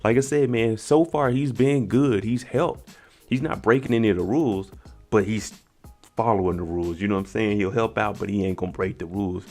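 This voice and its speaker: A man's voice: on the low side, a little fast, darkish tone, soft background music. A man giving a casual, slangy recap of a TV episode and reacting to each scene as he goes. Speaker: TV recap vlogger.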